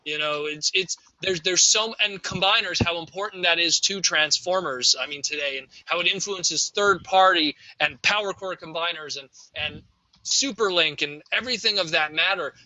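A man with a high, very bright and forceful voice holds forth in a casual group chat, opinionated and emphatic in long rants. The recording is dry and a little dull, with a lo-fi edge. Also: normal speed, dry recording.

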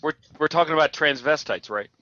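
A man's voice: on the high side, fairly quick. A man in a casual group chat, playful and boastful and laughing often. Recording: dull lo-fi recording with clear background noise.

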